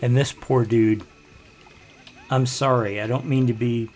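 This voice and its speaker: An older man talks through a game in a loose, rambling way, drifting into grumbling asides. His voice sits at an everyday middle pitch, with faint game music playing quietly behind him. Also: steady tone, measured pace. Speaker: let's play host. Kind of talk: casual gameplay commentary.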